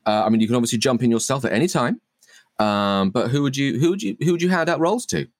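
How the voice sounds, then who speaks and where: A man's voice: medium pitch, expressive, fast, no echo, clean studio sound. A man hosting a podcast in casual chat, playful and self-mocking. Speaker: podcast host.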